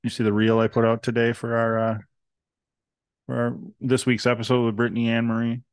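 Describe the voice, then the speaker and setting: A man's voice: medium pitch, completely flat delivery, brisk, clear, resonant tone, no room sound. A man co-hosting a podcast, trading crude jokes and swearing freely in casual banter. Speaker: podcast co-host.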